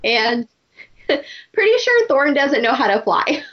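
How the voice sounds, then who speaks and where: A woman hosting a casual book club chat, animated and laughing often. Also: high-pitched, slow pace, lo-fi sound. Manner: animated, laughs often, acts out characters' lines. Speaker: podcast host.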